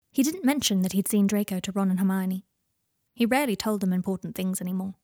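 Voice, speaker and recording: A woman narrates a story as an audiobook in an even, measured manner. Her voice sits at a middle pitch, and the recording is dry and close. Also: dry recording. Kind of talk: audiobook reading of fan fiction.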